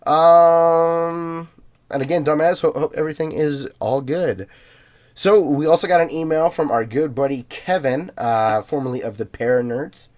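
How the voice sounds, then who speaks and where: A man of middle pitch co-hosts a casual podcast. He reads listener emails aloud in a loose, easygoing way. He leans on fillers and laughs often. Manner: relaxed, filler-heavy, laughs easily. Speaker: podcast co-host.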